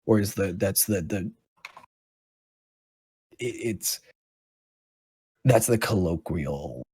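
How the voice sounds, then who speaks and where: A man acting as dungeon master, narrating a tabletop game in a halting, relaxed way. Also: deep voice, slightly rough.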